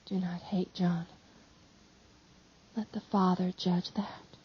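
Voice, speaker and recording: A woman voicing a gentle, heartbroken grieving mother who speaks softly in short, paused sentences. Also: lowish voice, level tone, husky, exaggerated voice. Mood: hushed. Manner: soft, hushed, speaks in short pauses as if panting. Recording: slightly dull lo-fi audio.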